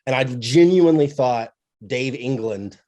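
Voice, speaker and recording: A man's voice: medium pitch, measured pace, dark tone, highs cut off. A man interviewing two guests in a casual, chatty way, laughing often and rambling.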